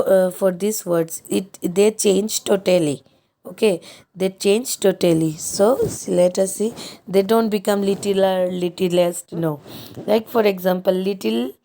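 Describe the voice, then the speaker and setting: Woman, unhurried grammar teacher, warm, soft tone. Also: mid-range voice. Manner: slow, patient, spells out words letter by letter. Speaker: English teacher. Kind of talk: online grammar lesson.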